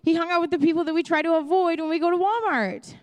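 A woman's voice: extremely high pitch, steady tone, quick pace. A young woman pastor with a Chicago accent, preaching a sermon in a candid, conversational way and acting out her own asides. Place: church auditorium. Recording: long hall reverb.

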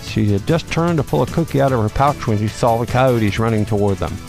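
A man hosting a show and reading a children's Christmas story aloud in a folksy, expressive way. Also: medium pitch, brisk, creaky, faint music behind. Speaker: host and storyteller.

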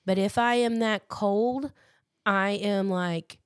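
A woman co-hosting a podcast in casual chat, telling stories in a steady way. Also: medium pitch, slow pace, clear, resonant tone.

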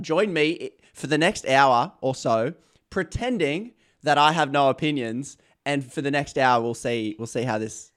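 An Australian man hosting a podcast interview, chatty and joking, often trailing off softly. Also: mid-range voice. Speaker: podcast host.

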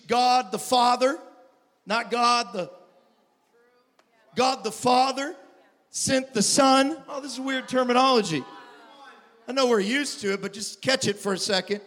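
Man, pastor, sermon, high voice, stammering restarts, long hall reverb. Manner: builds from quiet and halting to loud shouted preaching. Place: church sanctuary.

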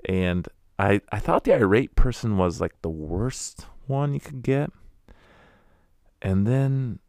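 A man's voice: lowish voice, big pitch swings, takes it slowly, creaky, darkish tone, dry recording, clean studio sound. A man telling wry, candid stories about going door to door as a preacher, acting out the people he met. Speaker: former door-to-door preacher telling his story. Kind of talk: casual storytelling monologue.

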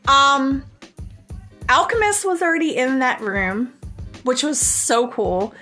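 A woman's voice: sits high, takes it slowly, sharp tone, faint music behind. A woman hosting a podcast, telling a personal story in a casual, rambling way full of "um" and "like". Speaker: podcast host.

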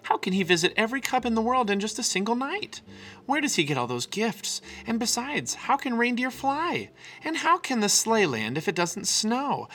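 An eager little girl bear cub from a storybook, put on by a man reading aloud. The voice sits high and swoops with excitement, bright and lively throughout. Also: moderate pace, heavily acted. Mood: wondering. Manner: eager, pleading.

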